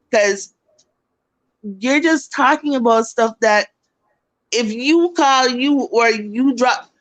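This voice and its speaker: A woman from Jamaica on a casual live-stream chat, talking in an animated, rambling way. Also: on the high side.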